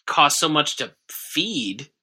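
A man's voice: a little high, big pitch swings, slow, bright, forceful tone, slightly rough. A man co-hosting a comedy podcast, reading out news items in casual banter with a dry, sarcastic delivery.

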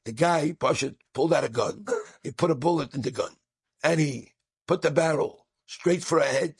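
A man's voice: fairly high pitch, moderate pace, gravelly, breathy edge, no room sound. A man, a rabbi, telling an inspirational story with Yiddish and Hebrew words mixed into his English.

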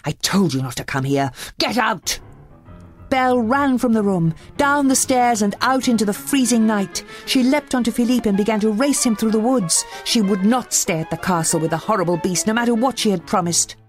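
A woman reading a children's storybook aloud with expressive delivery, faint music behind. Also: fairly high pitch, fairly quick, hardly any pauses. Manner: expressive, animated.

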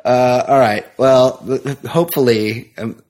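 A man co-hosting a casual comedy podcast, trading jokes with his partner. He reads stories aloud with a chuckle and talks in quick, loose banter. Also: medium pitch, steady tone, darkish tone. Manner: laughs while reading, quick banter. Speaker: podcast co-host.

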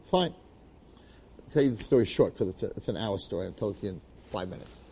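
Animated male storyteller. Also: lowish voice, fast, noisy background. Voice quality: bearded, uses Yiddish and Hebrew terms. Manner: lively, repetitive phrasing, dramatic asides.

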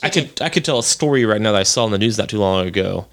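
A man co-hosting a podcast in casual chat, joking and telling stories with quick laughs. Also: fairly low pitch, lively intonation. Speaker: podcast co-host.

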